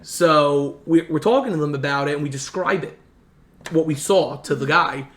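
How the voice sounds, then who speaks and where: A young man in casual chat, telling a long story in an animated way and acting out what others said. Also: on the high side. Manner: animated, fast storyteller who acts out quotes. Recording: roomy echo.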